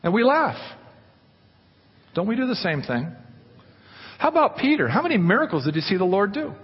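A man preaching a sermon, animated, putting questions to the congregation. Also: sits high, normal speed, slightly rough. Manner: animated, asks the congregation questions, acts out quotes. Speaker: pastor. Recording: dull, echoey church hall recording.

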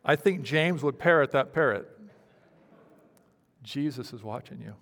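Guy preaching a sermon, big dramatic swings from loud to almost whispering, long echoey church hall sound. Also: medium pitch, animated, unhurried. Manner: dramatic delivery, swinging from loud pleading to hushed near-whispers. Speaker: pastor. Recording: reverberant hall.

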